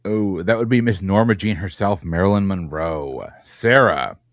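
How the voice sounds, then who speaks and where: A man hosting a trivia game, reading questions briskly and teasing the players. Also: sits low, no room sound, clean studio sound. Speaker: quizmaster.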